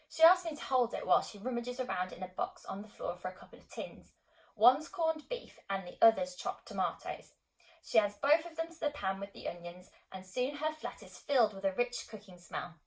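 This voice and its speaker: Woman calmly narrating an audiobook. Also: mid-range voice, rough recording. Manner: calm, measured storytelling. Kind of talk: scripted narration.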